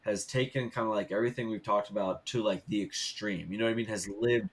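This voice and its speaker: A man's voice: fairly low pitch, steady tone, quick pace. A man hosting a fitness podcast, thinking aloud in a rambling way with many fillers. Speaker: podcast host. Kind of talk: casual podcast interview.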